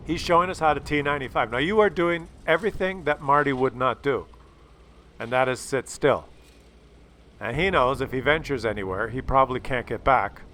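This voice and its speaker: A man giving casual, animated commentary on gameplay, chatty and swearing freely. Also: medium pitch, normal speed, slight background noise. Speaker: gaming video commentator.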